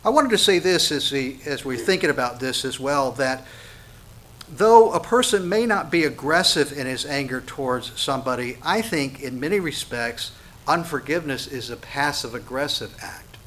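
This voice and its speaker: Bright-voiced man preaching a sermon. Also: medium pitch, expressive, moderate pace. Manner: emphatic preaching, swings between loud stresses and soft asides. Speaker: pastor.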